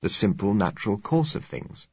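A man's voice: lowish voice, sing-song, moderate pace, breathy edge, no echo, exaggerated voice. A man reading the lines of an earnest man who argues his theories at length, in a lecturing way. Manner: argumentative, lecturing. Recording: muffled lo-fi recording.

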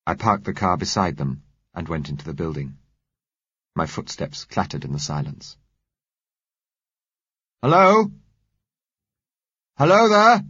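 Deep, husky male audiobook narrator. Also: no echo. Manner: measured, even storytelling. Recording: dull, muffled recording.

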